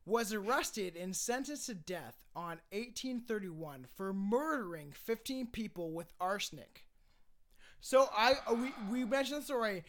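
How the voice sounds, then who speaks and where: A man's voice: sits high, lively intonation, measured pace, fairly bright tone. A man co-hosting a podcast in loose, profane, joking chat that often trails off mid-sentence. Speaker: podcast co-host. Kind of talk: casual chat.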